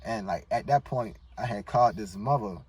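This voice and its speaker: A man's voice: fairly low pitch, moderate pace, darkish tone, husky. A man from Baltimore with a Baltimore accent, a guest telling a personal story in a slangy, emotional, rambling way. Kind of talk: personal storytelling in casual chat. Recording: distant mic with faint noise.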